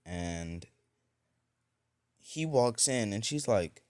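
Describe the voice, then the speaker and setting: A man's voice: deep voice, measured pace, a little mellow. A man improvising a fan-fiction story, rambling and full of fillers and restarts.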